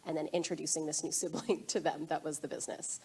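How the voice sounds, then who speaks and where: A woman's voice: low voice, level tone, fast talker, breathy edge. Encouraging young woman hosting onstage. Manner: warm, encouraging, speaks to the audience. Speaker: interviewer, event host. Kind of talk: live onstage interview.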